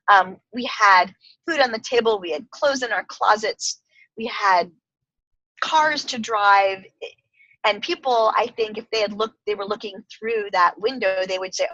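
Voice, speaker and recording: A middle-aged woman talks as a podcast guest, bubbly and quick to giggle. Her voice is bright and forward. The sound is dry and close, with no room around it. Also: mid-range voice, dry recording, rough recording. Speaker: podcast guest, life coach. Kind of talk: casual interview chat.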